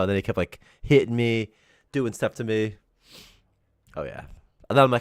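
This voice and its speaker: A man in his thirties chatting casually on a live development stream, telling rambling, animated stories and laughing often. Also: mid-range voice, a little fast, no echo, clean studio sound. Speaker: game developer co-hosting a dev stream.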